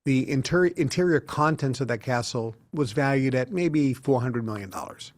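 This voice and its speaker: A man's voice: mid-range voice, lively intonation, moderate pace, no room sound. A man in his sixties, an interview guest in a studio, telling long stories and acting out the dialogue. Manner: anecdotal, acts out quoted dialogue.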